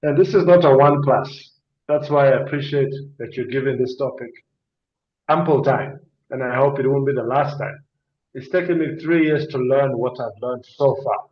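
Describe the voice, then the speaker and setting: Male talk-show guest, earnest explainer, mid-pitched voice, roomy slightly muffled sound. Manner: earnest, explanatory, emphatic with rhetorical questions. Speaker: guest speaker on addiction and mental health.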